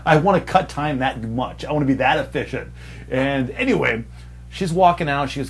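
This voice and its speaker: A young man, a server and podcast co-host, telling a profane story and acting out customers in sudden high, loud bursts. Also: quick pace, noisy background. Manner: animated, profane, acts out customers in raised voices. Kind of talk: casual storytelling chat.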